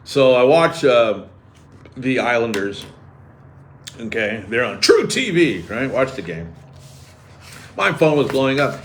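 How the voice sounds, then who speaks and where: A man's voice: mid-range voice, takes it slowly, pauses often, a little hiss or hum. A man hosting a sports radio show, riffing and joking sarcastically in casual banter. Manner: animated, sarcastic, riffing jokes. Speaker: radio host.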